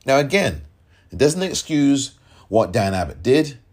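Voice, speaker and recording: A man hosts a solo political podcast, sounding emphatic and exasperated and repeating points to drive them home. His medium-pitched voice is very animated but a little slow.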